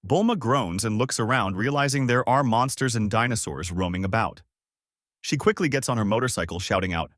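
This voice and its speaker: A man narrating a fan-made story aloud in a plain, steady way. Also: fairly low pitch, brisk, no echo, clean studio sound. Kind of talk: reading fan fiction aloud.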